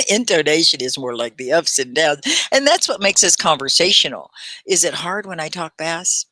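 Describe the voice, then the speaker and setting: A woman hosting a live online English lesson, chatty and animated, laughing often and slowing down to stress key words. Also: deep voice, no echo. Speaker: ESL teacher and livestream host.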